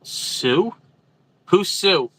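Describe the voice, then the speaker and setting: A man's voice: high voice, animated, very slow, pushed and bright, no room sound, rough recording. A man from New Jersey with a New Jersey accent, a truck driver chatting casually on a livestream, reading viewer comments and greeting viewers by name from a truck stop.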